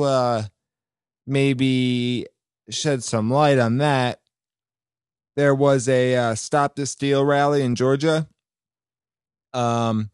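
A man's voice: medium pitch, a little mellow, clean tone, dry recording, clean studio sound. A man hosting a podcast, talking casually and indignantly about politics with many fillers. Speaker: podcast host.

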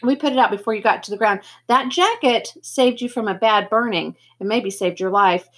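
A kindly grown man speaks in a gentle, reassuring way, as a woman reading aloud puts him on. He sounds steady and patient, stumbling over a word now and then. The read-aloud has an easy storybook quality. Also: a little high, normal speed, husky. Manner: gentle, reassuring, occasional slips.

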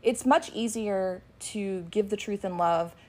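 Animated middle-aged woman telling stories. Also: medium pitch, a little slow. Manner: animated, acts out her kids' voices when retelling. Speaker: podcast co-host and ministry worker. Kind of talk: casual chat with storytelling.

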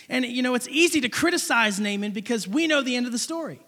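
A pastor preaching in a loose, conversational way with a strikingly high, bright voice. A gravelly edge runs through it, and he keeps circling back to the same questions. His voice rings out with the long reverb of a large hall. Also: fast, hardly any pauses. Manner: conversational, asks repeated questions. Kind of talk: sermon.

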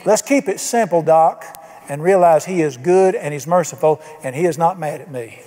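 A man's voice: on the high side, normal speed, mellow. A man preaching a sermon, telling folksy stories and acting out the people he quotes. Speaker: pastor. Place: church sanctuary. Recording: long reverb of a church hall.

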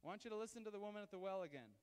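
Man, pastor, high voice, smooth resonant tone, animated conversational sermon, live church service. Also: very fast, long reverb tail. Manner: conversational, animated preaching with many asides.

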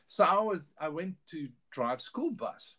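A middle-aged man speaking as a guest in a relaxed interview, his voice sitting a little high for a man. He talks earnestly and openly, stumbling and restarting as he goes. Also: unhurried. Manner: earnest, candid, with many restarts. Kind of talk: casual interview storytelling.

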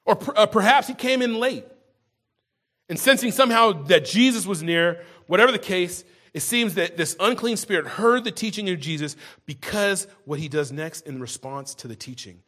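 A male pastor delivers a sermon in a fairly high, husky voice. He talks in a loose, conversational way, circling back and repeating words as he works through his thoughts. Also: expressive, normal speed, sharp tone. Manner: conversational preaching, frequent restarts and repeated words.

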